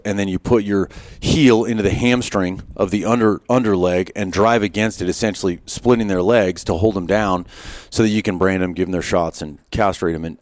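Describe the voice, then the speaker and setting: A man's voice: lowish voice, no echo. A middle-aged man, a former Marine, telling self-deprecating anecdotes in a casual interview, often restarting his sentences. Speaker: podcast guest, former Marine sniper. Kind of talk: casual storytelling. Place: on a wilderness hunting trip.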